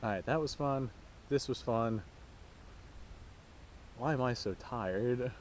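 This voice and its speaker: Man, casual vlog chat, rambling, foul-mouthed, mid-pitched voice, outdoors at a range. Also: slow pace, a little hiss or hum. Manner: laid-back, rambling, swears freely. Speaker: firearms channel host.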